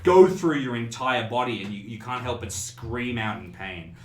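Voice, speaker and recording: A man running a tabletop horror game as game master, giving vivid descriptive narration with quick laughs. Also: mid-range voice, animated. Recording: roomy echo, faint noise.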